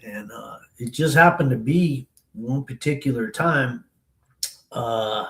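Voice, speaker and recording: A man's voice: mid-range voice, takes it slowly, reverberant, low-quality recording. A man from the Denver area telling a long story as an interview guest, in a loose, slangy way with lots of "man" and "you know". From Denver area, USA.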